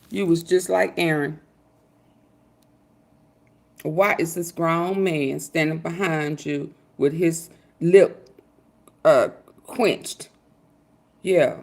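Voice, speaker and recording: Woman, low gravelly voice, slow slangy commentary, reacting to clips. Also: steady tone, a little mellow. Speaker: commentary vlog host. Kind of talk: casual commentary over clips.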